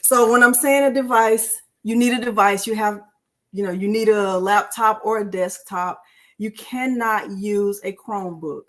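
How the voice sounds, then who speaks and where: A middle-aged woman, hosting a casual live-stream crafting tutorial and talking to viewers in a chatty, warm-hearted way. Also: mid-range voice, steady tone, normal speed. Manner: chatty and emotional, addresses viewers as y'all.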